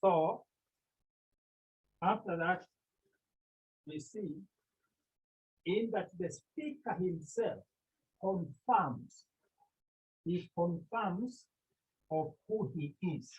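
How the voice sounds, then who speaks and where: Man as Greek teacher, slow and repetitive, husky voice, tinny call audio. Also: high-pitched, lively intonation, a little mellow. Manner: slow, repetitive, with many pauses. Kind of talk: online language lesson. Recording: tinny phone-like line.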